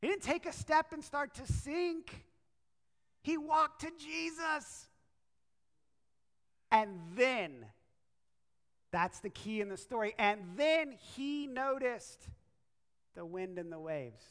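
A woman's voice: high voice, lively intonation, slow pace, pauses often. A woman preacher delivering a sermon as a story, acting out the quotes and turning to the listeners with asides. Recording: echoey hall.

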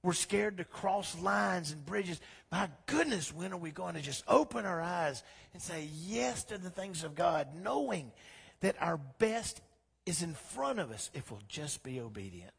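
A man preaching a sermon as pastor, swinging from quiet talk to loud, impassioned exhortation. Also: sits high, expressive, a little slow, gravelly, breathy edge, big-room sound. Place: church sanctuary.

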